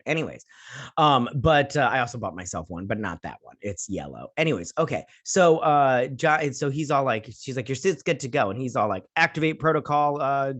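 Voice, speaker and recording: A man in his thirties talks through an episode recap in a loose, rambling way. His voice is animated and bounces up and down in pitch, and he keeps slipping into goofy voices to act out the characters' lines. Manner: rambling, acts out scenes in silly voices. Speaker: host. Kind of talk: casual recap and review.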